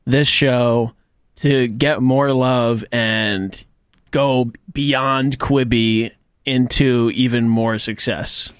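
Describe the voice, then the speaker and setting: A man's voice: mid-range voice, fairly even intonation, extremely slow, smooth, no echo, studio quality. Jokey enthusiastic man podcast co-host. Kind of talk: casual chat.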